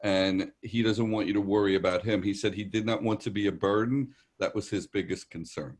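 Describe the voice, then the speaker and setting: A man's voice: lowish voice, steady tone, a little fast. A man with a New York accent, a psychic medium giving rambling, reassuring readings on a live virtual show. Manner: rambling, reassuring, relays messages in quotes.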